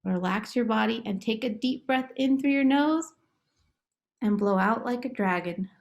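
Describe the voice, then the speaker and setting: A woman therapist talking about her work and gently guiding a relaxation game for children, in a slow, coaxing way. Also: a little high, vocal fry. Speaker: play therapist. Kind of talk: guided relaxation script for children.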